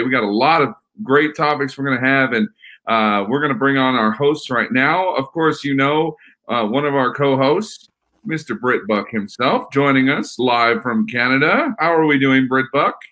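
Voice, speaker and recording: A man's voice: mid-range voice, moderate pace. A man hosting a sports podcast in casual, rambling chat. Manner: relaxed, rambling, with fillers and laughs. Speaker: podcast host.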